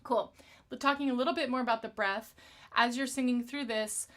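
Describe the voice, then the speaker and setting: A woman voice teacher leading a live-streamed vocal warm-up, singing slow phrases and explaining them in quick, chatty asides to viewers. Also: on the high side, steady tone. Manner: greets viewers by name from the chat.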